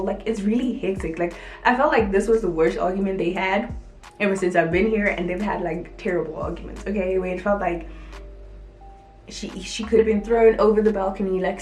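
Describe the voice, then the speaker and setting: Woman vlogger, storytime, animated delivery, echoey room, faint music. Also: medium pitch. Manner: animated, acts out quotes, frequent "like". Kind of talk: casual storytelling to camera.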